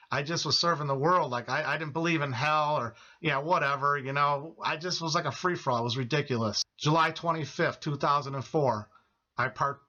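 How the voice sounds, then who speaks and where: A man's voice: mid-range voice, bright, forceful tone, dull audio. A middle-aged man giving an earnest personal testimony to his viewers, emphatic and repetitive, calling them his friends. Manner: emphatic, repeats phrases, addresses viewers as friends.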